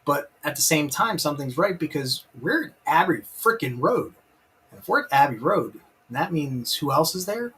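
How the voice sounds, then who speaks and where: A man's voice: a little high, very animated, normal speed, a bit bright, breathy edge, rough recording. A man hosting a casual live stream, enthusiastic and rambling, breaking off to read out chat comments. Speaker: live-stream host reviewing a TV episode.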